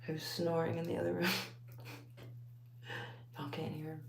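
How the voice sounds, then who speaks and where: A woman speaks in a deep, gravelly voice at a slow pace with little pitch movement, and the room sounds roomy. She's a vlogger with a Texas accent having a casual late-night chat with viewers at home under a bright light while taking out braids, rambling, laughing often and calling them y'all.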